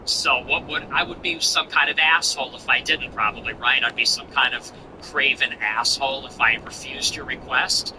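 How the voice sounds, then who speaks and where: A man's voice: steady tone, moderate pace, few pauses, noisy background. A man hosting a livestream, chatting casually and sarcastically while answering donations. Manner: sarcastic, mocking, swings pitch for effect. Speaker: show host.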